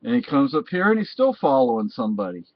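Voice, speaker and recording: A man's voice: mid-range voice, very animated, fast, no echo. A man from Texas, talking in a rambling personal monologue that often restarts and repeats phrases. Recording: dull, dry lo-fi recording.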